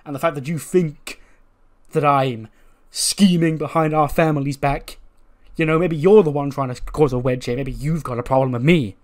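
A blunt young male wrestler defends himself, as a man voices him. He is brusque and quick to swear. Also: on the high side, a little mellow, lightly acted. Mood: defensive.

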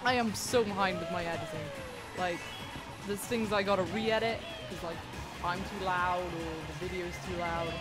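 A woman's voice: lowish voice, normal speed. Young woman swearing over game music. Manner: swears a lot, yells and wails at the game. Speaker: gaming YouTuber. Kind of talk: casual let's-play commentary.

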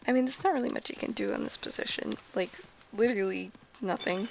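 A young woman quietly commentating a game late at night, half-whispering, with a hoarse voice and coughs. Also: medium pitch, fast talker, slight background noise, poor audio. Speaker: gameplay commentator.

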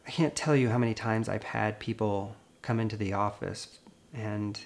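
A grieving man, a veterinarian, speaks to camera in a gentle, earnest and consoling way. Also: on the low side, fairly even intonation, moderate pace. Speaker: veterinarian and video host. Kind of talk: personal vlog talk to camera.

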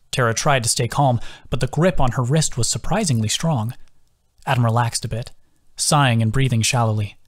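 A man's voice: mid-range voice, normal speed. A man, the author, reading his own fantasy novel as scripted audiobook narration. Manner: steady storytelling.

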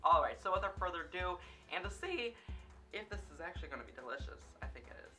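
A man's voice: high-pitched, very animated, fast talker, bright, forceful tone, soft background music. A young man hosting a food dare vlog, chatting in a rambling, self-conscious way and tripping over his words. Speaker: dare-challenge vlogger. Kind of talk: casual food-challenge vlog. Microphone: camera facing him.

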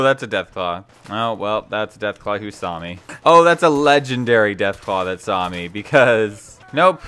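A man's voice: lowish voice, a bit bright, clear, resonant tone. A young man giving casual, rambling gameplay commentary with a dry, sarcastic streak. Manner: chatty, rambling, dryly sarcastic. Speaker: let's play host.

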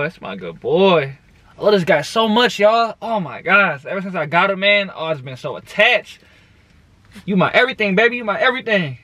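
A man casually vlogging outdoors on a handheld phone, chatty and laughing often, slipping into high coaxing baby talk with his dog. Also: lively intonation, a little fast, a bit bright. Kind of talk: casual vlog narration. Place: outdoors in a city park and streets.

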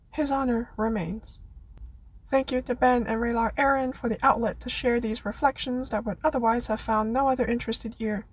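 A woman's voice: fairly high pitch, husky, poor audio. A woman reading out her prepared fan essay in an earnest way, with playful dramatic flourishes. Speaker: listener contributor.

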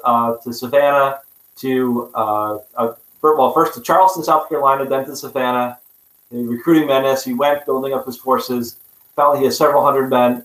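A man giving a public history talk with slides. He speaks haltingly, with many fillers and restarts, and drops in wry, self-mocking asides. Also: medium pitch, fairly bright tone, roomy sound, poor audio. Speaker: history presenter.

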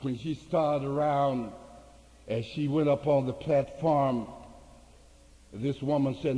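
A man preaching a sermon, telling a story in a low voice and rising to high shouted climaxes. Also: steady tone, slow pace, long pauses. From United States. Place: large hall with an audience. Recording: reverberant hall with faint hiss, 1980 archive.

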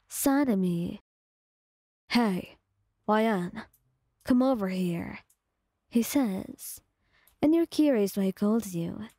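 Brief: woman storyteller, slow, breathy and mellow, dry close mic, soft ASMR narration. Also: medium pitch, no room sound. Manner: calm, slow second-person storytelling.

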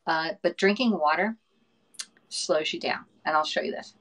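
A chatty middle-aged woman hosts a casual cooking livestream, talking quickly and laughing between comments. Her voice sits on the lower side for a woman. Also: a bit bright, rough recording. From northern United States. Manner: chatty, fast-talking, laughs often, reads comments aloud.

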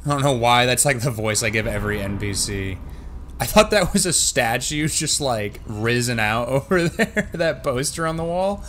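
A man's voice: mid-range voice, expressive, normal speed, slight background noise. A young man hosting a casual let's-play, joking along and yelping when startled. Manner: jokey and jumpy, yelps and shouts when startled. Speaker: gaming channel host.

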